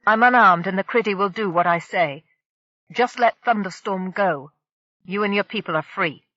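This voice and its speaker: A woman voicing a young male trader who calmly coaxes a gunman to back down. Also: mid-range voice, moderate pace, no room sound, highs cut off. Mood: coaxing.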